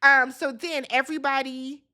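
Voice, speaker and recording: A woman with a somewhat high voice talks through an episode recap in a loose, casual way. She retells scenes as she goes and is blunt, even swearing now and then. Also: moderate pace. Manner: chatty retelling, quotes people in their voices, blunt swearing. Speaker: recap vlogger.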